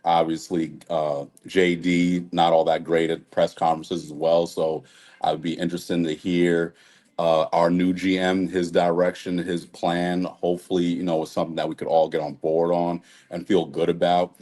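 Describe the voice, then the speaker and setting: A man's voice: sits low, monotone, normal speed, darkish tone. A man calling in to a sports talk show, chatting in a laid-back, easygoing way. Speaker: caller. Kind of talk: casual chat.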